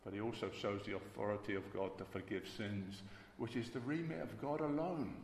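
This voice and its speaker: A man's voice: on the low side, moderate pace, a little mellow, slight background noise. A man preaching a sermon emphatically, repeating key words for weight. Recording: echoey hall with faint ambience.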